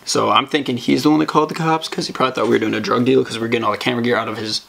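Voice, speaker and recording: A man's voice: medium pitch, fairly even intonation, rapid-fire, gravelly, a bit bright. A young man co-hosting a podcast, telling a story in loose casual chat with many fillers and laughs. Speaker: podcast co-host.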